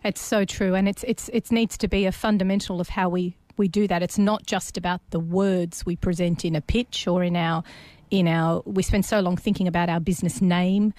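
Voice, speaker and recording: A woman hosting a podcast speaks in a lowish voice, relaxed and conversational. She picks up small business topics with quick asides. The recording is dry and close. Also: dry recording. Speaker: podcast host. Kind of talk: casual interview chat.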